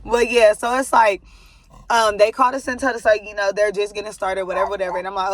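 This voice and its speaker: A young woman talks straight to her viewers in a loose, rambling vlog. Her pitch sits in the middle range for a woman. She fills her sentences with likes and ums and stops now and then to settle a baby beside her. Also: flat delivery, quick pace, no room sound. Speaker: vlogger giving a life update. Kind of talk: casual chat to camera.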